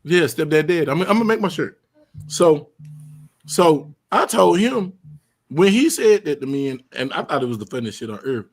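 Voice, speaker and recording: Male show host, fairly high voice, casual and profane, quick to loud outbursts. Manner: animated, profane storytelling, rising to loud outbursts. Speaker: podcast host. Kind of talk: casual chat.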